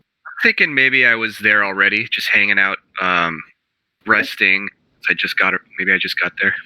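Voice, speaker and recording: A man's voice: lowish voice, steady tone, normal speed, sharp tone, smooth, no echo, low-quality recording. A man chatting casually as a tabletop game player. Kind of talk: casual chat.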